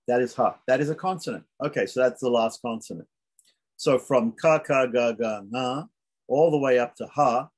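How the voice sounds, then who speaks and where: A man teaches beginners how to pronounce Sanskrit letters. His voice is husky and sits at a middle pitch, and he patiently says each sound several times over so learners can catch it. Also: darkish tone. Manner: patient, repeats sounds slowly for demonstration. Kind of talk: beginner language lesson.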